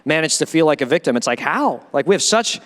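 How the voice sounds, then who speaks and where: A male pastor preaches a sermon in a church sanctuary, his voice on the high side, very animated, fast, and fairly bright. His emphatic, conversational delivery is full of rhetorical questions, and the recording carries the long reverb of a church hall.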